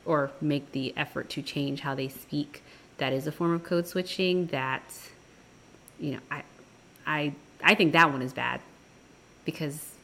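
Woman cohost w a low voice, thinks out loud, slow careful debate talk. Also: a little hiss or hum. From New York. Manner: thoughtful, pauses to weigh her words. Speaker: podcast co-host. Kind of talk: casual debate chat.

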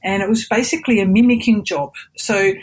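A middle-aged Australian woman, a voice actress chatting as an interview guest, telling animated stories and mimicking voices. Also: medium pitch, a little fast, breathy edge, poor audio. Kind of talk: casual interview chat.

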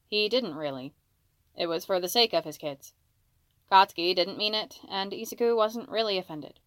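A woman's voice: on the low side, normal speed, fairly bright tone, no echo. A woman reading a fan fiction story aloud, voicing the dialogue with small shifts for each character. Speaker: fanfiction reader. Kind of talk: audiobook-style story narration.

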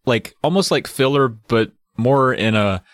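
A man's voice: medium pitch, a little slow, dry recording, studio quality. A man co-hosting a podcast, recapping a book's plot in loose, profane casual chat with little sound effects. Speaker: podcast co-host.

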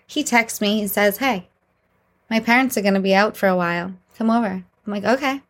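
Young woman podcaster spilling dating stories, chatty and animated, laughs as she goes. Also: mid-range voice. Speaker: podcast host. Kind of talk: casual storytelling monologue.

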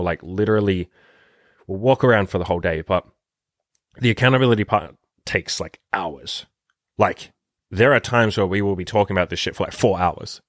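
A man's voice: low voice, dry recording, clean studio sound. A young man talking bluntly and profanely in a casual vlog monologue, rambling with lots of fillers. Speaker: dating coach.

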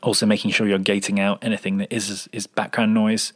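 A man who works as a sound designer answers an interview question with editing advice, explaining it and acting out sample lines of dialogue. His voice is lowish and fairly quick, with little pitch movement.

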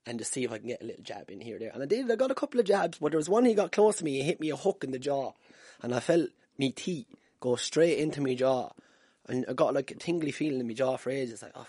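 An Irish man chats alone into a wired mic in a room at home, telling stories in a loose, swearing, self-mocking way. His voice is husky at a middling pitch. The sound is dry and close, with no echo. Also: a little mellow. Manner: swearing, self-deprecating, laughing at himself. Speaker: podcast host. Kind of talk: casual solo podcast storytelling. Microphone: wired podcast mic.

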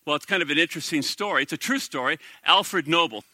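In a fast, animated sermon, a middle-aged pastor addresses his flock directly and hits them with question after question. His high voice comes across very bright and clear, recorded dry and close without any room echo.

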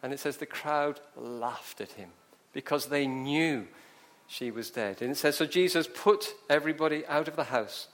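A man preaching a sermon, telling the story vividly and asking rhetorical questions. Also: medium pitch.

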